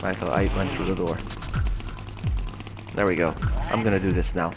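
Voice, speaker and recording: A man streaming a game with live commentary, excitable, swinging from quiet mutters to loud yelps. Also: deep voice, normal speed, music in the background.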